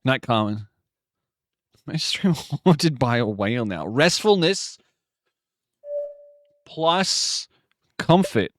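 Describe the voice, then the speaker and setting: Slow-talking man muttering guesses. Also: medium pitch, no room sound. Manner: muttering guesses, sudden excited outbursts. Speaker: streamer. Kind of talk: live game stream, thinking aloud.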